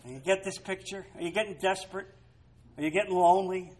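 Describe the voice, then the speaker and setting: A man's voice: high-pitched, steady tone, fast, low-quality recording. A man preaching a sermon, reading scripture aloud and breaking into dramatic, emphatic asides to the congregation. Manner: dramatic, rising to loud emphatic peaks. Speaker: pastor.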